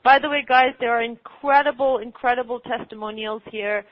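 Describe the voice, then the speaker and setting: A woman's voice: a little high, fairly even intonation, a little fast, dry recording. A woman hosting a telesummit call, effusive and openly emotional, speaking over a phone line. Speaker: host. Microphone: phone or conference call line.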